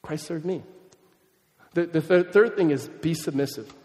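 A pastor around thirty preaching a sermon in a conversational, animated way, mixing in humorous family stories. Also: male voice, fairly high pitch, measured pace, big-room sound.

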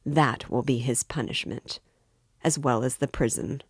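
A woman reading as a calm brooding young man. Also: rumbling low, slightly rough, no echo, clean studio sound, exaggerated voice. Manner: calm, measured.

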